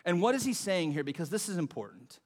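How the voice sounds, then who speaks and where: A man with a high voice preaches in a relaxed, chatty way, acting out the lines he quotes. His voice carries a long reverb from a large church hall. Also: quick pace. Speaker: pastor. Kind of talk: sermon.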